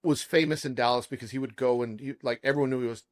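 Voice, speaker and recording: A man's voice: medium pitch, fairly even intonation, fast talker, dry recording, clean studio sound. A man hosting a chef podcast, telling stories animatedly and laughing often. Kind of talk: casual podcast chat.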